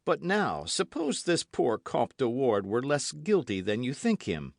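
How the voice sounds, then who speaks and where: The narrator gives a full character voice to an ardent young swordsman, gallant and earnest, who pleads in a caressing tone. It sits higher than the reader's own voice, with lively inflection, a measured pace and some creak. The recording is dry and close, with no echo.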